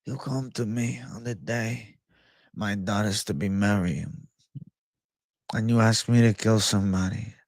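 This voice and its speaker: A man putting on an aging mafia boss from an old crime film, cold and offended, muttering in a low, slow voice. His delivery is dry and close, with no room sound around it. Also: fairly even intonation, dry recording.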